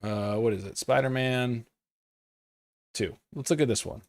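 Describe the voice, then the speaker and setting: A man's voice: mid-range voice, a little slow, no echo. A man hosting a live gaming news stream, talking casually with lots of swearing and riffing with his chat. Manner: profane, animated, riffs and laughs at chat.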